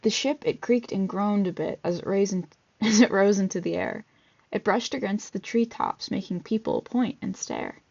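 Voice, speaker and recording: A woman's voice: medium pitch, big pitch swings, normal speed, creaky, darkish tone, breathy edge. A woman vlogger reading a picture book aloud, with chatty asides and fillers between pages. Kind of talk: casual read-aloud with commentary. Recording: dull lo-fi recording.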